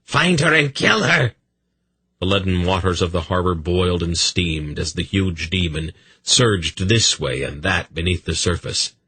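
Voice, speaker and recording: A man's voice: sits low, steady tone, moderate pace, pushed and bright, husky, no room sound. A man narrating an audiobook with intense, dramatic storytelling.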